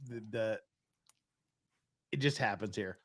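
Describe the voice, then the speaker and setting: A man's voice: fairly low pitch, slow pace. A tipsy man hosting a casual chat, telling crude jokes and laughing often. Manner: crude, laughing joke-teller. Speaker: livestream host.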